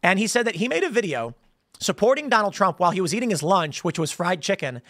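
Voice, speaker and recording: High-voiced man ranting with restarts. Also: fast, dry recording, studio quality. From United States. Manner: rambling, animated storytelling with frequent restarts and laughs. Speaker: political commentary show host. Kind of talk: casual political commentary monologue.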